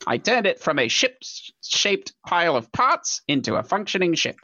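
A man at a tabletop game with a lively, bright voice that rises and falls a lot. He talks in halting bits, restarting his sentences. The sound is dull and a bit lo-fi, but dry and close. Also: high voice, no echo. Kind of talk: casual in-character play.

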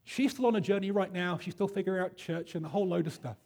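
A man preaching a sermon, his voice slightly husky and pitched a touch high. He talks in a chatty, storytelling way, full of ums and ahs, and pokes gentle fun at himself. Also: fast. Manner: chatty, self-deprecating storyteller with many fillers. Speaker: pastor.

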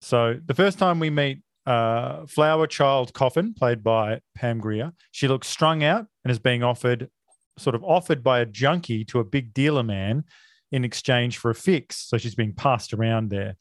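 A man's voice: mid-range voice, normal speed, dry recording. Man, podcast co-host, casual plot recap, lots of uhs, swears offhand, dry close sound. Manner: chatty, swears casually, many filler uhs.

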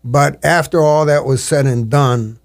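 Older male storyteller, earnest and halting. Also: a little high, no room sound, studio quality. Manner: earnest, halting, with many restarts. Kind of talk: reflective interview talk.

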